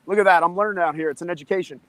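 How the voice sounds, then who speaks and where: A man's voice: sits high, racing, fairly bright tone. An upbeat man from the United States chatting on a live stream. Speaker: chat participant. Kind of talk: casual live chat.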